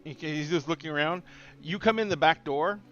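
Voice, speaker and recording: A man running a tabletop game as game master, describing scenes in halting bursts with frequent restarts. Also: a little high, fairly bright tone, muffled recording, soft background music.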